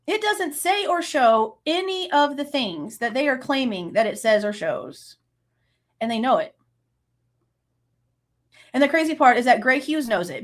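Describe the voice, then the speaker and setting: Woman, late 30s, true crime host; heated profane rant, voice sits a bit high. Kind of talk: angry reaction rant.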